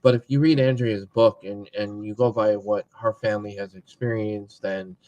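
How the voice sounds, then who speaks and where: A man hosting a podcast in a relaxed, casual interview, giving easy agreeing replies. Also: on the low side, moderate pace. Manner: relaxed, agreeable, many back-channel replies. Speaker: podcast host. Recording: dull lo-fi audio.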